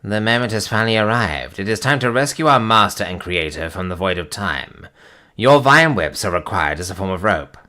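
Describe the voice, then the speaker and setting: A loyal creature helper from a comic speaks earnestly and plainly, as a man reads it on a live stream. The voice sits low with a bright edge. There is little put-on about it. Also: lively intonation, normal speed.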